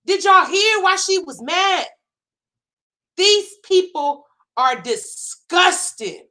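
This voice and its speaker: A woman's voice: extremely high pitch, lively intonation, slow pace, sharp tone. A woman hosting a livestream, ranting to her viewers in casual, indignant commentary. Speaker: commentary host. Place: home livestream setup.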